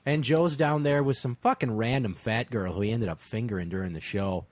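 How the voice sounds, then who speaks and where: A man's voice: medium pitch, fairly quick, no echo. A man hosting a comedy podcast, telling crude, rambling anecdotes full of profanity and fillers.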